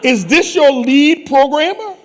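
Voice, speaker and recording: A man from New Orleans hosting a conference on stage, bantering and teasing people in playful, joking chatter. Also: very high-pitched. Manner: teasing, animated, quick jokes. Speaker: conference host.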